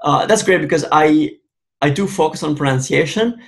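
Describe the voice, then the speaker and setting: A man's voice: fairly high pitch, normal speed, gravelly. A man from Italy with an Italian accent, hosting an interview in English, talking hesitantly and restarting his sentences. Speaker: host. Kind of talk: casual interview.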